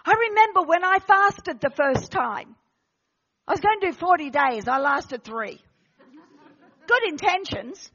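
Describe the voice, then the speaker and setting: Very high-voiced woman preaching. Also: expressive, moderate pace, highs cut off. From Australia. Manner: impassioned, swings from loud exhortation to hushed intensity, frequent restarts. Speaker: guest preacher. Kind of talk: sermon.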